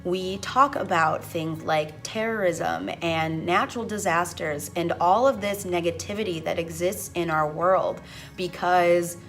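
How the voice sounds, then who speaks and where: A woman's voice: lowish voice, a bit bright. A young woman teacher talking earnestly and with strong feeling in a personal vlog, close to tears at times. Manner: earnest, impassioned, slow-spoken. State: emotional, near tears. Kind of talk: reflective vlog talk.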